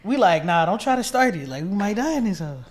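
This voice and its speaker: A young man co-hosting a podcast, telling a story step by step in lively, casual slang. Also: sits high, fast. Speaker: podcast co-host. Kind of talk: casual travel recap chat.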